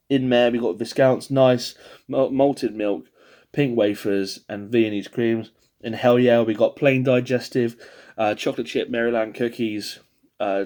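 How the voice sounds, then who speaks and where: A man's voice: on the low side, darkish tone. A man talking casually to camera, rambling and swearing with self-deprecating jokes, a little tired. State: yawning, tired. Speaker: podcast host ranking biscuits. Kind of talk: casual solo video monologue.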